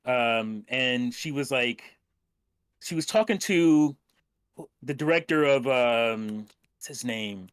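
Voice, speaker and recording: A man's voice: medium pitch, slow, clean tone, no room sound, studio quality. A man co-hosting a gaming podcast, chatting loosely, laughing often and swearing casually. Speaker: podcast co-host. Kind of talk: casual chat.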